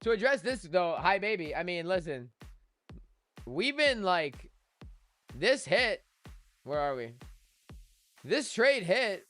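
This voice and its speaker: Hype guy doing live crypto commentary, high voice, music playing quietly behind. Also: very animated, slow pace, long pauses. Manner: hyped, joking, chants a catchphrase. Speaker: host, crypto trader. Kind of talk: live-stream market commentary.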